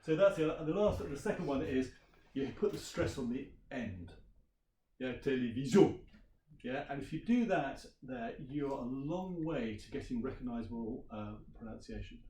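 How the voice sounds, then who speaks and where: A man leads a teacher workshop, talking casually and throwing questions to the audience. His voice sits at an ordinary middle pitch. It is picked up from some distance, so the room rings around him over a faint hum. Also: animated, moderate pace, mellow. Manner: chatty, quizzes the audience. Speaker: language teacher giving a workshop. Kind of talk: conference workshop presentation. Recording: roomy sound from a distant mic.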